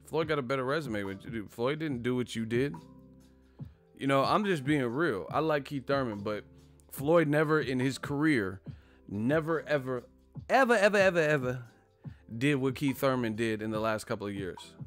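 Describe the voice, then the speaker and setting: A man's voice: medium pitch, lively intonation, normal speed, soft background music. A man hosting a boxing live stream, chatting casually and profanely, full of fillers and asides. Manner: loose, profane, filler-heavy banter.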